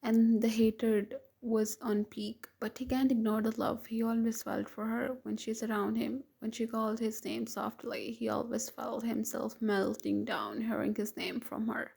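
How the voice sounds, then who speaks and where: A woman's voice: on the high side, steady tone, measured pace, gravelly, hardly any pauses, darkish tone, husky. A woman steadily reading a romantic fan fiction story aloud as narrator.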